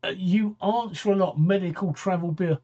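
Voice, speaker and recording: A man in his sixties chats through a late-night live stream, rambling and doubling back over his words while he answers viewers. His voice sits a little high for a man, and he sounds tired. The audio is a bit dull and lo-fi. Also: moderate pace, warm tone. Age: 60s. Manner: rambling, repeats phrases, answers viewer comments. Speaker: talk show host. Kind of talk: casual live-stream chat.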